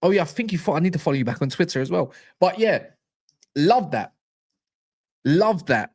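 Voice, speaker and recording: Animated young man. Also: on the high side, moderate pace, husky. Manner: animated, jokey, slangy banter. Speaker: football fan streamer. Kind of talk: casual live stream chat.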